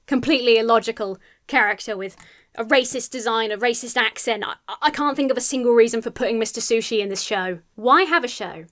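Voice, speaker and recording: A woman's voice: on the high side, fairly bright tone. A woman giving a scripted film review, sarcastic and exasperated, swearing freely.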